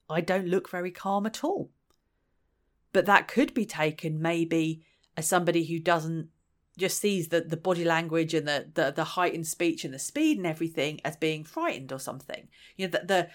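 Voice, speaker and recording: A woman talks in a relaxed, reflective way, thinking aloud as she goes. Her voice sits fairly low. She slips into little acted-out quotes to make her points. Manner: chatty, thinks aloud, acts out quoted lines. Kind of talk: reflective solo talk.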